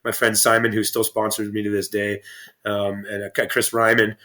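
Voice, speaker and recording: A man's voice: on the low side, level tone, normal speed, sharp tone. A man guest on a podcast interview, telling stories in a rambling, profane way with many restarts. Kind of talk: casual storytelling interview.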